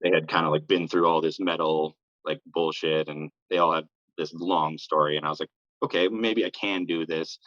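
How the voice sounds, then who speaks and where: A man's voice: very deep voice, fairly even intonation, moderate pace, fairly bright tone, no room sound, lo-fi sound. A young man telling a casual, rambling story as an interview guest, sprinkling "like" and swearing throughout. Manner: rambling, heavy use of "like" and swearing.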